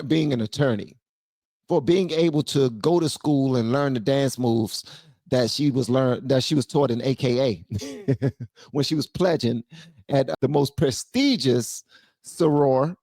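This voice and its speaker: A man from Washington, D.C. hosting a casual political commentary channel, animated, slangy and joking. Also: a little high, no echo, clean studio sound.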